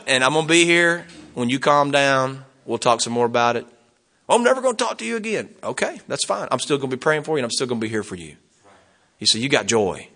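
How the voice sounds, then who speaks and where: An older man delivers a sermon in a folksy, animated style at a quick pace with a medium-pitched voice. He chuckles often and acts out what people say.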